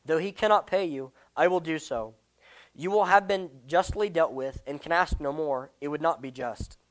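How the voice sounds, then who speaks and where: A kind friend steps between the debtor and the creditor and offers to pay , voiced by a speaker reading a parable. His words are calm and measured, at a middle pitch. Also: lightly acted.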